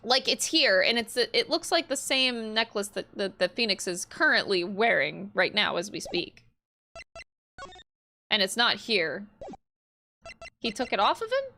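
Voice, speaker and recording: A woman's voice: mid-range voice, big pitch swings, a little slow, pauses often, pushed and bright, a little hiss or hum. A woman streamer chatting casually and swearing while playing a courtroom game, reading lines aloud. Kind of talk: casual gameplay commentary.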